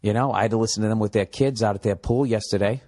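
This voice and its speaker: A man hosts his own comedy podcast, reading out news items and tearing into them with profane asides. He rambles, stumbles over words and bursts into mock shouting for laughs. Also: on the low side, fairly even intonation, quick pace. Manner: profane, riffing, shouting bits in put-on voices. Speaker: podcast host. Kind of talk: solo comedy podcast rant.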